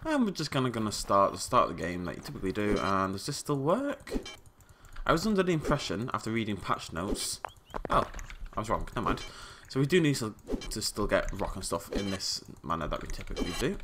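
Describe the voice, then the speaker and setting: A man giving casual, jokey commentary over a survival game, prone to sudden startled yelling. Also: lowish voice, big pitch swings, fairly quick, background noise. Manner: chatty, jokey, yells when startled. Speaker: gaming YouTuber.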